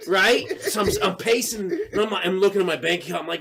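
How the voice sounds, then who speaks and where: A man's voice: high-pitched, fast talker, gravelly, hardly any pauses, sharp tone. A man on a podcast telling a funny story in a casual way, swearing and acting out his own lines with laughter. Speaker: podcast co-host.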